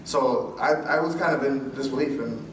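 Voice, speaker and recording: A man speaking to a live audience, telling a story with lively acted-out dialogue and frequent laughs. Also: medium pitch, moderate pace. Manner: animated, acts out dialogue, laughs often. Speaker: guest speaker. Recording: echoey hall from far off with room noise.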